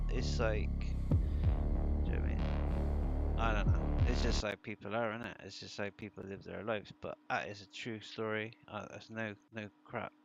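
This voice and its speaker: A man's voice: on the low side, vocal fry, highs cut off, noisy background. A British man chatting casually to his viewers, telling rambling true stories with plenty of swearing. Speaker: streamer.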